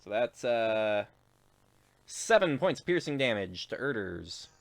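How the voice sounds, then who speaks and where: A man runs a tabletop game as its game master, speaking slowly and loosely with plenty of fillers. His pitch sits in an ordinary middle range but swings widely, and he keeps breaking into easy laughter. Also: sing-song, creaky. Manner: laid-back, laughs often, lots of fillers.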